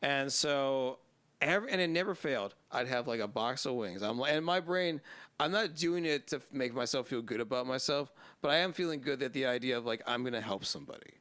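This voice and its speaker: A man hosts a casual podcast, spinning rambling, profanity-laced anecdotes and chuckling at his own punchlines. His voice sits at an ordinary middle pitch and sounds close and dry on a studio mic. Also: expressive, fairly quick, a bit bright, clean tone, dry recording. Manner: profane rambling storyteller who laughs at his own stories. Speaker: podcast host.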